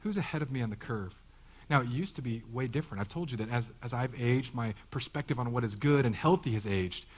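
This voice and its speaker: A man's voice: mid-range voice, a little fast, poor audio. A man in his thirties, a pastor giving a conversational sermon, joking and acting out the voices he quotes. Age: 30s.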